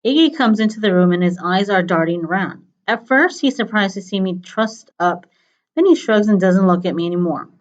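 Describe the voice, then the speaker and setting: A woman reading a novel aloud in a steady, plain storytelling manner, on a dull lo-fi recording. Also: mid-range voice, fairly quick. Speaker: reader.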